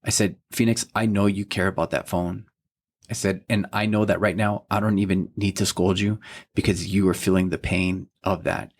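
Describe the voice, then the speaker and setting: A man's voice: low-pitched, flat delivery, normal speed. A man in his thirties co-hosting a faith podcast, telling a story about his son in a casual, earnest way and quoting what everyone said, with a lot of "you know what I mean.". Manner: heartfelt, earnest parental tone. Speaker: podcast co-host. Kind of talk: casual chat.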